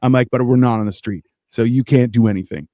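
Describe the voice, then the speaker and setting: A man's voice: mid-range voice, fast, no echo. A man from Canada on a casual comedy podcast, telling brash stories and acting out quotes. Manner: brash storytelling, acts out quotes loudly. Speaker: podcast co-host.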